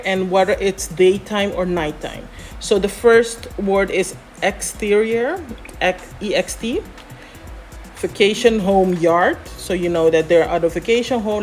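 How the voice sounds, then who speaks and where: A woman scriptwriter explaining how to write a script in a relaxed, chatty way, often pausing on "um" and "you know". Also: medium pitch. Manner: chatty, many fillers, explains step by step. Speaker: scriptwriter guest. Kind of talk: explaining scriptwriting in a casual chat.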